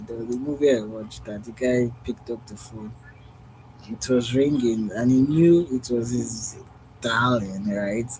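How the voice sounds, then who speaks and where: Man, mid pitch, slow, earnest and repetitive, clear traffic noise behind. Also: a little mellow, low-quality recording. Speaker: vlogger. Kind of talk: unscripted heartfelt monologue.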